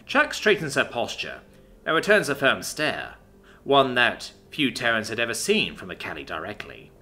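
A male narrator reading a story aloud with a bright, sharp tone. His pitch moves a great deal, keeping the scripted reading animated. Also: normal speed, soft background music.

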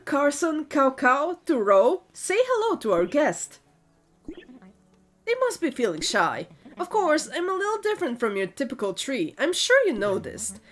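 A woman reading game dialogue aloud as a prickly, leafless female tree spirit, haughty and then self-pitying. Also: high-pitched.

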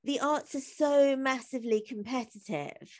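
A woman with a fairly high voice chats as a podcast guest. She talks in a loose, animated way, packing her sentences with "like", and breaks into laughter often. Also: normal speed. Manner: chatty and animated, laughs often, many "like" fillers. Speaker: guest, comedy writer and singer. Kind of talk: casual interview conversation.

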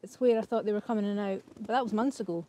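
Practical woman explaining outdoors; middle pitch, faint noise behind. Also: rapid-fire, dark tone. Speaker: vlog co-host. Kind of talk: casual outdoor chat. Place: outdoors on an island farm.

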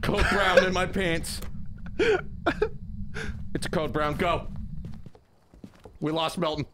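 A man streaming a co-op ghost game with friends, joking loudly and laughing. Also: fairly high pitch, fairly even intonation, slow pace. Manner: joking, yells and laughs when scared. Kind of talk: casual gaming banter. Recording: noisy background.

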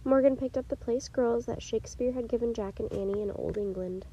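Mellow woman reading a children's story. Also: a little high, brisk, husky, lo-fi sound. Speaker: storytime reader. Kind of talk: reading a children's chapter book aloud.

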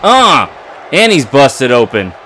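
A man commentating his own wrestling video game play, excitable and trash-talking his opponent. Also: medium pitch, measured pace, a little hiss or hum. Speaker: gaming commentator.

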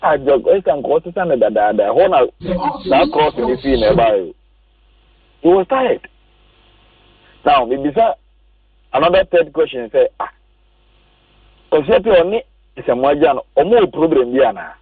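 A man calling a radio sports show, giving his opinion haltingly. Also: fairly high pitch, very animated, husky, no room sound. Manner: halting, searching for words. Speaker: caller. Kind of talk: phone-in opinion. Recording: tinny phone line, distant.

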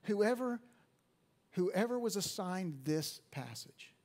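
A pastor in his fifties preaches slowly and animatedly in a high-pitched voice at a live service in a church sanctuary. He shifts from whispers to loud emphatic high points, repeating words as he restarts.

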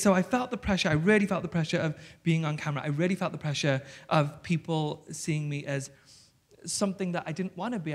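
A man, telling stories on stage as a guest author, animated and swearing freely. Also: a little high. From South Yorkshire, England. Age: 30s. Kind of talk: candid storytelling on stage. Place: stage before an audience.

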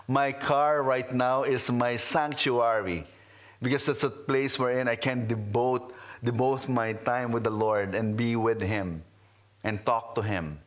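A man preaching a sermon in English, which is not his first language. He speaks at an unhurried pace in a mid-range voice, earnest and reflective, pausing often between phrases. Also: medium pitch. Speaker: pastor. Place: in his car.

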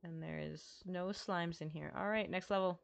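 A woman's voice: on the low side, fairly even intonation, normal speed, creaky. A woman streaming a farming game, chatting casually, reading dialogue aloud and swearing now and then. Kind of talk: casual gaming chat.

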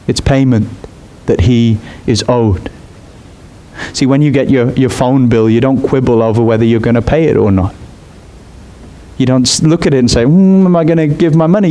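A male preacher with a fairly high voice gives an expressive sermon. He pushes his pitch upward when he presses a point, then settles back down to explain.

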